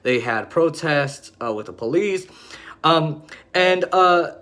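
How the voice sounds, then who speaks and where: Male podcast host with a higher voice, blunt and mocking, loose monologue with plenty of fillers. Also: expressive, takes it slowly, fairly bright tone. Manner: blunt, mocking, rising to heated anger; loose, with many fillers and restarts. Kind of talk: opinionated political podcast monologue.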